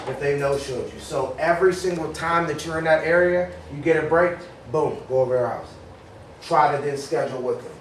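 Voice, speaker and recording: A man running a sales workshop, talking energetically to a group, often repeating words as he starts a thought. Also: a little high. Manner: acts out phone calls in a raised voice. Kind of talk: live training talk to a group. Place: workshop room. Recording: echoey room from far off, faint noise.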